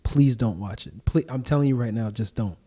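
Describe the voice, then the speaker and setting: Young man, podcast host, casual slangy talk, mellow dark tone, middle pitch, animated retelling. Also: a little fast, husky. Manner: animated storytelling, acts out quoted exchanges. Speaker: podcast host and owner being interviewed.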